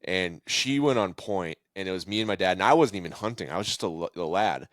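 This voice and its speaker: A man with a fairly low voice hosts a relaxed podcast chat. He talks in an easy, friendly way and tells stories with lines spoken as other people. The recording is dry and close. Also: a little fast, no room sound. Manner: relaxed and friendly, laughs along, retells stories with voiced quotes. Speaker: podcast host. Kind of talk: casual conversational podcast.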